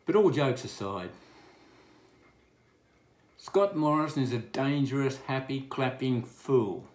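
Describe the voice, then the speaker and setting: A man's voice: mid-range voice, animated, takes it slowly, a little mellow, roomy sound. An Australian man delivering a scathing, crude and sarcastic political rant. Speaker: political commentator. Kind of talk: ranting political monologue.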